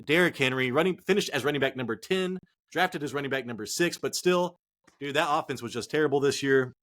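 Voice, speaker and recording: A man hosting a sports podcast, talking in an excitable, casual way, swearing often and calling listeners "dude" and "man". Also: medium pitch, a little fast. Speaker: podcast host.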